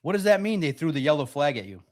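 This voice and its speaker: A young adult man hosting a live sports podcast, talking in an animated, rapid-fire way and restarting his sentences often. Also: fairly high pitch. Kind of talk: live-stream sports commentary.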